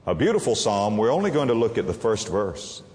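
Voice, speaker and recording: A man's voice: fairly low pitch, big pitch swings, a little fast, a little mellow. A man preaching a sermon, leaning hard on single words and drawing them out for emphasis. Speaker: pastor. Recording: echoey hall with long reverb.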